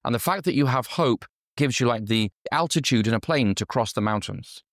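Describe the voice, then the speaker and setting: A man's voice: medium pitch, expressive, normal speed, dry recording, studio quality. A man from Yorkshire preaching a conversational sermon who keeps asking his listeners questions. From Yorkshire, England. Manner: conversational, asks the audience questions. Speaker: pastor.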